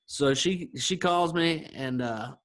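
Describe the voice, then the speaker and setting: This man speaks slowly with a voice on the high side. As a podcast co-host in casual conversation, he recounts something personal, enthusiastically voicing the people in his story as he quotes them.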